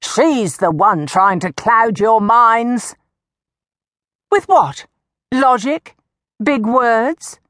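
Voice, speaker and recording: A woman voicing a sharp-tongued young woman who talks back with defiant sarcasm. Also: on the high side, animated, very slow, long pauses, no room sound, studio quality, voice pushed up, full character voice. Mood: sarcastic.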